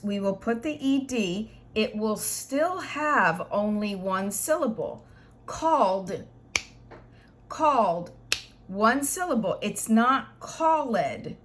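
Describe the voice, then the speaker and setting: Slow, patient woman teaching English. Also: a little high, lively intonation, slight background noise. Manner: patient, slow explaining with repeated examples. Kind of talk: grammar lesson.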